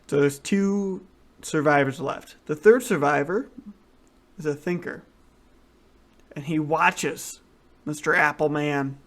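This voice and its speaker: A man's voice: on the high side, takes it slowly, long pauses, fairly bright tone. A man co-hosting a casual podcast, rambling through crude jokes with lots of restarts. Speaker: podcast co-host. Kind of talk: casual chat, crude joke telling.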